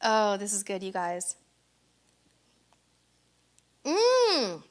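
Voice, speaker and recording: A woman's voice: mid-range voice, wildly swooping pitch, extremely slow. A middle-aged woman co-hosting a casual cruise live stream, reading viewer comments aloud with bubbly, effusive exclamations.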